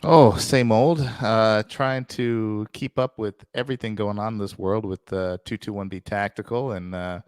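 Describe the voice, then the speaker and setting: A man's voice: on the low side, fairly even intonation, moderate pace, hardly any pauses, darkish tone, clear, resonant tone, dry recording, clean studio sound. A man co-hosting a live stream, chatting loosely and upbeat as he thanks viewers. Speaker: co-host. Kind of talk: casual live-stream chat.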